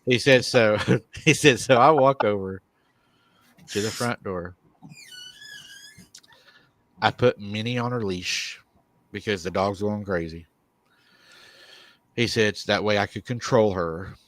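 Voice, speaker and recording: A man hosting a live paranormal show, retelling a viewer's encounter in an animated way and chuckling often. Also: lowish voice, slow pace, pauses often, a little hiss or hum.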